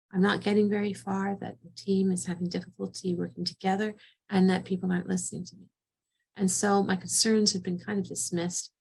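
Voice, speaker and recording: Middle-aged lady therapist walking a group through a story, gravelly voice, a bit husky. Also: medium pitch, a little mellow. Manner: vivid storytelling in first person. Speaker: psychotherapist and group trainer. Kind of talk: training demonstration through a personal scenario.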